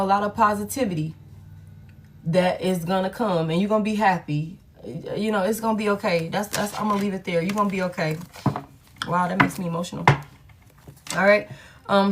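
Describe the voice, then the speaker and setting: A woman giving a casual tarot reading, emphatic and reassuring, repeating herself and swearing freely. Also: on the low side. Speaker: tarot reader.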